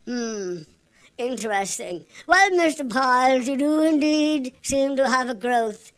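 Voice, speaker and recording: A woman playing a brisk, pompous doctor in a comic radio sketch, breezy and patronising with patients. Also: high voice, lively intonation. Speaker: radio comedy performer.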